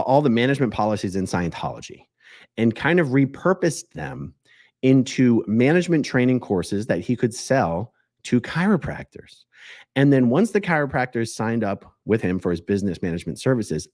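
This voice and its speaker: A man hosting a commentary video, talking in an animated, joking way with digressions. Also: mid-range voice, no room sound, clean studio sound. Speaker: host.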